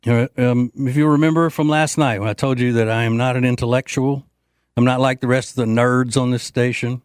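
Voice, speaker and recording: A man's voice: mid-range voice, steady tone, a little fast, clean tone, no room sound. A man hosting a political talk show, delivering a brash, joking, rambling monologue with frequent fillers into a studio microphone. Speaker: host.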